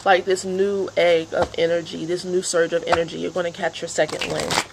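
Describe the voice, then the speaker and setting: A woman's voice: fairly low pitch, little pitch movement, moderate pace, creaky, heavy background noise. A woman chatting casually in a rambling vlog before a tarot reading, with many fillers. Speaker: tarot reader.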